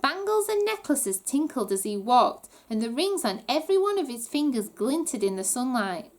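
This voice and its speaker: A woman reading a children's book aloud with animated storytelling. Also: high-pitched, normal speed. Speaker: reader.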